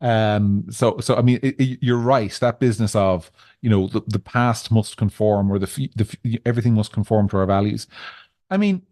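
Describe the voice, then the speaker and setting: A man's voice: fairly low pitch, normal speed, a little mellow, no echo. A man with an Irish accent co-hosting a podcast, talking in a discursive, wry way with frequent restarts. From Ireland. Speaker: podcast co-host. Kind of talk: casual political chat.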